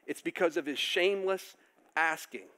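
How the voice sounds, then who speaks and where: A male pastor preaching a sermon, animated, acting out characters with loud outbursts. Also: on the high side, moderate pace.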